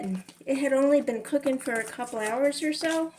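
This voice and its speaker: A rambling middle-aged woman with a Southern US accent, chatting away as she cooks. Her voice sits a touch high and reaches the camera from across the room. The kitchen sounds echoey, with a faint hum underneath. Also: normal speed, few pauses, darkish tone, far from the mic. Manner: chatty, rambling, talks to viewers as y'all. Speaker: cooking vlogger. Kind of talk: casual kitchen vlog chat. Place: home kitchen.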